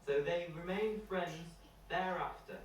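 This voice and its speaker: A man with a high-pitched voice narrates a children's story slowly, lively and playfully, closing with a moral. He sounds distant in an echoey room, with a little hiss or hum on the recording.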